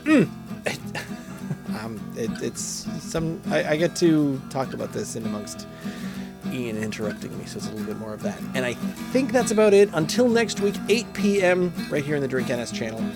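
A man's voice: medium pitch, very animated, normal speed, creaky, music in the background. A man hosting a casual beer podcast, rambling and joking at himself as he tastes. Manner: rambling, jokey, self-mocking. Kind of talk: casual solo chat while tasting beer.

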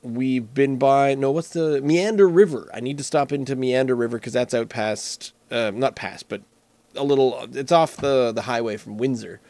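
A man's voice: mid-range voice, normal speed, darkish tone. A man casually reviewing beer alone, rambling and joking with frequent restarts. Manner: rambling, self-correcting, jokey. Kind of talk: casual solo talk.

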